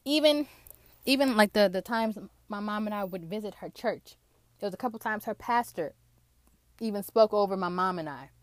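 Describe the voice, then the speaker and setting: A young woman with a medium-pitched voice, recorded dry, shares a personal faith testimony. She's casual, emotional and excited, often filling with "like."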